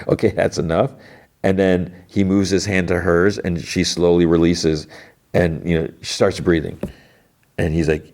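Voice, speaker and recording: A man's voice: low-pitched, steady tone, normal speed, darkish tone. A man hosting a podcast, casually retelling a TV episode scene by scene, full of "like" and sarcastic asides. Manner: retells scenes with quoted dialogue, lots of "like". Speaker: podcast host.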